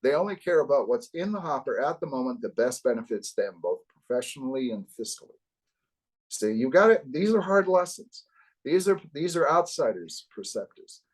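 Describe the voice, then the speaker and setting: An older man from the US East Coast, a guest in a casual interview, telling wry, animated stories. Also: mid-range voice, moderate pace, low-quality recording. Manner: wry, animated anecdotes with acted quotes. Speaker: guest, author.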